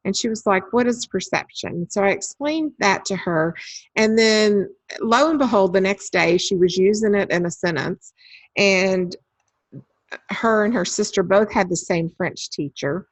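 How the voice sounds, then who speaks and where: A woman's voice: medium pitch, measured pace, no echo. Woman talking thru a webinar, casual and chatty, lots of ums, dry close sound. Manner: chatty and anecdotal, with frequent ums. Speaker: webinar presenter. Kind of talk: conversational webinar talk.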